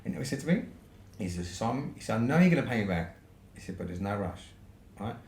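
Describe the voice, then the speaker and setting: A British podcast guest from the UK tells a long, casual story, swearing freely and ending his points with "right?". His low, darkish voice is sing-song and fast, captured in a roomy echo with faint noise.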